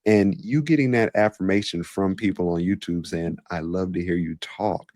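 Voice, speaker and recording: A very low-voiced man hosting a casual podcast conversation. He muses in an unhurried, reflective way, and the sound is close and dry. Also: darkish tone, no room sound. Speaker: podcast host, coach. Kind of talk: casual interview chat.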